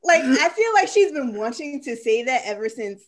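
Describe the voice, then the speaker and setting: A woman co-hosting a podcast, chatting casually and throwing in quick, joking comebacks. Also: sits high, big pitch swings. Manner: quick quips, often laughing. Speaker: podcast co-host. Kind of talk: casual chat.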